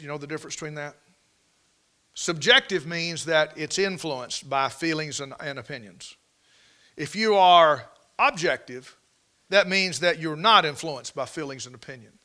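A man's voice: fairly high pitch, bright, forceful tone. A male preacher giving a sermon in an emphatic, folksy way, often asking his listeners questions. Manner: emphatic, folksy, asks the congregation rhetorical questions.

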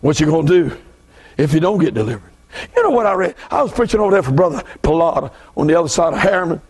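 Very animated and slightly rough-voiced, a Southern US guest preacher races through a fervent revival sermon. He dips into low asides before rising into shouts.

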